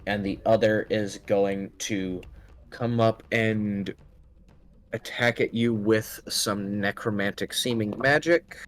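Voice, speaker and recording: A man narrating a tabletop game as game master, halting often with ums and restarts. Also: lowish voice.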